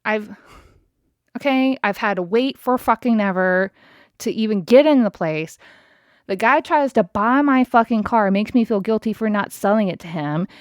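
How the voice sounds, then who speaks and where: Here a thirties-aged woman podcast host rants casually through a story, swearing, exasperated, and addressing listeners straight on. Her mid-range voice moves at a moderate pace, captured in studio quality without any echo.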